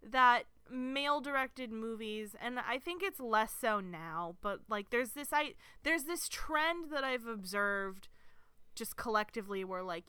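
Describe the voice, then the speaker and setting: A woman's voice: mid-range voice, pushed and bright, clean tone, no room sound. A woman co-hosting a podcast in casual chat, thoughtfully building her argument point by point. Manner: thoughtful, argues a point step by step. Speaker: podcast co-host.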